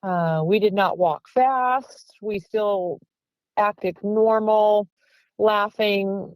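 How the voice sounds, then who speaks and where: Very slow and medium-pitched, a woman from Pennsylvania earnestly narrates a lengthy encounter as a guest, performing the quoted voices of the people she met. There's no room sound, and the recording quality is low.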